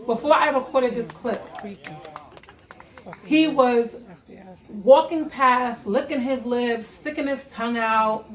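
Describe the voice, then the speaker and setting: Young woman, casual storytime vlogger, animated and blunt, slightly high voice, echoey room. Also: slow, long pauses. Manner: animated, profane, emphatic retelling.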